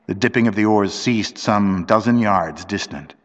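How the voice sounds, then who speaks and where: A man's voice: lowish voice, moderate pace, muffled recording. Man reading a story, long reverb. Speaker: narrator.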